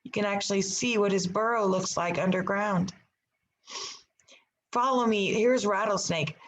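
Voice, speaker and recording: A woman teacher reading a picture book aloud to her class, with expressive storybook delivery. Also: mid-range voice, normal speed, a little hiss or hum, poor audio.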